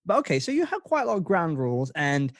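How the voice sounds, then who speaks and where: A man's voice: fairly high pitch, wildly swooping pitch, quick pace, no echo, clean studio sound. A man hosting a casual podcast interview, laughing often as he asks questions. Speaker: podcast host.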